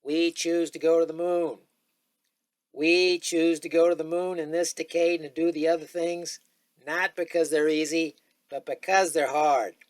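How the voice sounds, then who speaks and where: A man's voice: a little high, level tone, measured pace, no room sound, voice pushed up, lightly acted. A man doing an amateur impression of a 1960s male president giving a stirring speech in an emphatic orator's cadence. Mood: rousing.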